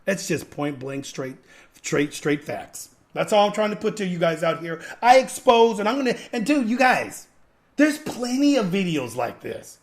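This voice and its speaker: A man's voice: sits high, sing-song, normal speed. A man hosting a podcast, giving an emphatic, repetitive, preachy rant to his viewers. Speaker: podcast host. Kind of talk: ranting commentary.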